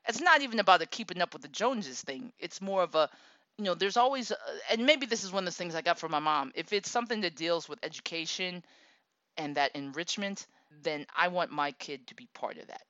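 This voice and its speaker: A woman in her thirties telling a personal story about her daughter, animated, laughing often and acting out what people said. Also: lowish voice, brisk, dry recording. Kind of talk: casual storytelling monologue. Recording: dull, dry lo-fi recording.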